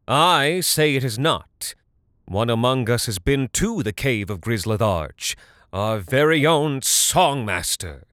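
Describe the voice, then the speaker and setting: A man's voice: mid-range voice, animated, slow pace, no room sound, clean studio sound, voice pushed up. A man voicing a scheming, lying male bard who rallies crowds and sneers at his lord. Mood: rousing. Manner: forceful, persuasive, sneering.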